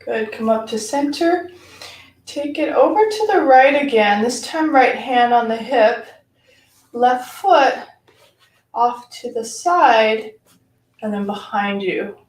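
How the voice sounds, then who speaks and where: A woman teaching a live-streamed yoga class, giving slow, calm cues between audible sighs and sounding a little out of breath as she demonstrates. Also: a little high. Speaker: yoga instructor. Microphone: camera mic at a distance. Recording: echoey room, voice from far off.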